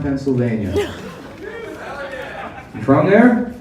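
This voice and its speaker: A man doing a sardonic stand-up set on a club stage, tossing in quick mock voices. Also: mid-range voice, big pitch swings, muffled recording, noisy background. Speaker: stand-up comedian. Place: comedy club stage with audience laughing. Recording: echoey live room, heard from a distance, crowd laughter. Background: audience laughter.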